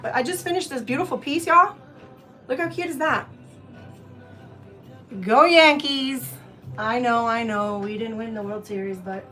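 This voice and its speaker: A high-pitched woman in her fifties from Florida leads a live gift-wrapping lesson. She talks to her viewers in a loose, chatty way, calls them y'all, and keeps wandering from the task. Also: pushed and bright. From Tampa area, Florida, US. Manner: chatty and digressive, often addresses viewers as y'all. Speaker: craft channel host.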